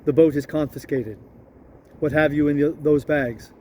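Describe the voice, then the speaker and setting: A man's voice: on the high side, steady tone, normal speed, mellow, slight background noise, close to an everyday voice. A man reading the part of a stiff, polite young border lieutenant in a storybook reading, clipped and correct. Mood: officious.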